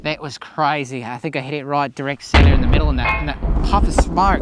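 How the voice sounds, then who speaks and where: An Australian man hosting a casual shooting vlog outdoors at a range, excitable and swearing constantly as he hypes himself up. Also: on the high side, a little fast, few pauses, very noisy. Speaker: host.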